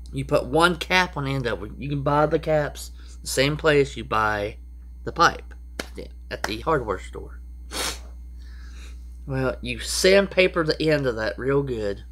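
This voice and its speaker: A man's voice: medium pitch, fairly bright tone. A man giving rambling, casual how-to advice as a prepper vlogger, with frequent restarts and asides.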